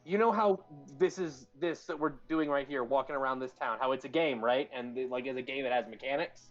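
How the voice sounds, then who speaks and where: A man's voice: medium pitch, a little fast. Joking man playing a tabletop game. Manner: joking, swears freely. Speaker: player. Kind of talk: casual tabletop game chat. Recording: dull lo-fi sound with faint music.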